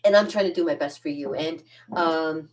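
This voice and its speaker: A woman's voice: low voice, normal speed, a little mellow, distant mic, slight background noise, poor audio. Rambling, chatty woman a bit off-mic. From Canada. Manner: rambling, sidetracked, laughs often. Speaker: cartooning channel host. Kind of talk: casual chat to viewers.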